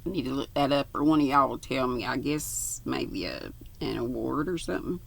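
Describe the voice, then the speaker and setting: A woman's voice: rumbling low, expressive, moderate pace, gravelly. An older woman reads a novel aloud, stopping for folksy, chatty asides. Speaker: audiobook reader.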